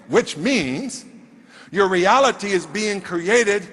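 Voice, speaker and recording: High, lively motivational speaker in a hall. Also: male voice, measured pace. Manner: emphatic, rhetorical questions to the crowd. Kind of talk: motivational stage talk. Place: stage in a large hall. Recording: long reverb of a large hall.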